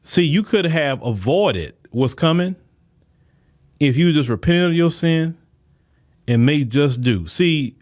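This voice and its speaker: A man's voice: on the high side, lively intonation, takes it slowly, pauses often, a little mellow. A man hosting a podcast, delivering a fiery political commentary monologue that speaks straight to his listeners, often repeating and restarting his words. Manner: fiery, preaching, addresses listeners directly. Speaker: podcast host.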